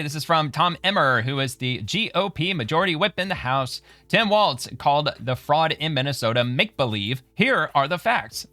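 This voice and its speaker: A man's voice: mid-range voice, pushed and bright, no echo. A man hosting a casual political commentary show, reading posts aloud and then remarking on them in a conversational way.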